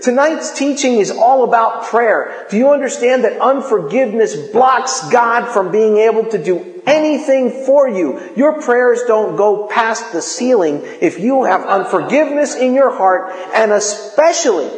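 A man preaching a sermon in a lively, conversational way, acting out quotes as he goes. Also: very high-pitched, moderate pace, few pauses. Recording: echoey hall.

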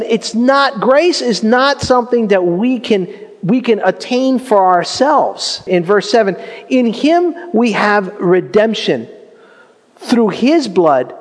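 A man preaching a sermon in an animated, conversational way, full of asides and questions to the congregation. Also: high voice, in a large hall. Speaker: pastor.

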